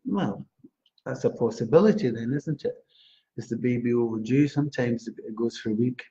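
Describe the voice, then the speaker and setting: On a live stream, a chatty psychic astrologer gives readings in a mellow, dark voice at a moderate pace, sounding reassuring and laughing often. The audio is dull and low-fidelity.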